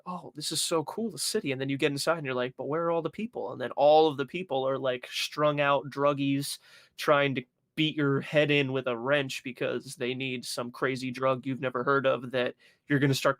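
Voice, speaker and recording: A man's voice: mid-range voice, a bit bright, no room sound, studio quality. A young man co-hosting a podcast, telling stories with lots of swearing and acting out his own reactions. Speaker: podcast co-host. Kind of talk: casual chat.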